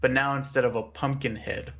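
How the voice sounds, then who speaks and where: A young man co-hosting a podcast, casually retelling a scary story and voicing its characters with lively shifts in pitch. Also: fairly quick, creaky, muffled recording. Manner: animated storyteller, acts out characters with raised pitch. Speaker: podcast co-host.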